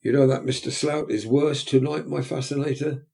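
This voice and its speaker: A man's voice: mid-range voice, steady tone, normal speed, creaky, a little mellow, voice pushed up, natural voice. A man voicing a pompous middle-aged parish beadle who woos in an unctuous, courting manner. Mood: wooing.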